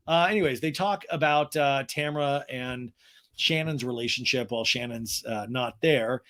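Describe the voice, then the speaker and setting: A man's voice: medium pitch, moderate pace, a bit bright. A man hosting a podcast, giving a snarky, rambling comedic recap. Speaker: podcast host. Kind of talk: comedic recap of a reality show.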